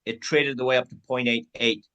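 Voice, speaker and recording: A man's voice: medium pitch, flat delivery, a little fast, fairly bright tone, rough recording. A man giving a team sales training talk, acting out both sides of example conversations.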